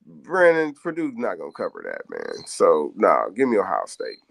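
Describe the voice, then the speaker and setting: A man's voice: sits low, huge pitch swings, moderate pace, gravelly, no room sound. A man co-hosting a sports radio talk show, bantering and joking playfully with his partner.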